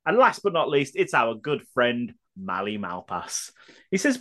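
A male podcast co-host reads listener comments in relaxed, chatty banter. His pitch rises and falls in a lively, animated way, and he keeps breaking into laughs and sarcastic remarks. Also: a little slow. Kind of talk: casual chat.

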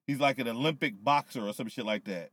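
A man on a podcast, casually recapping wrestling with loose, profane, animated storytelling, a little tipsy. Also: medium pitch, brisk, no room sound. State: tipsy from whiskey. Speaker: podcast co-host.

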